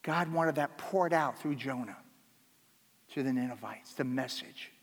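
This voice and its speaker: A pastor giving a sermon, earnest and emphatic, repeating key phrases for weight. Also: male voice, medium pitch, measured pace, long reverb tail.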